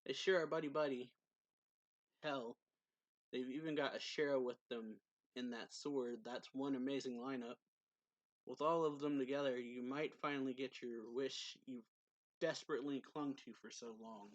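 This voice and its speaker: A man's voice: mid-range voice, fairly even intonation, moderate pace, dry recording, muffled recording, lightly acted. A man reading out a sly scheming demon. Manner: casual retelling of the lines, slightly raised voice.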